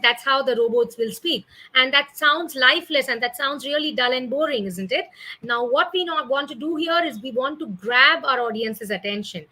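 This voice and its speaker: A woman's voice: on the high side, sharp tone, rough recording. A young woman, teaching an online class in a chatty way, often ending with "isn't it?" and "right?". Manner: chatty, with tag questions and fillers.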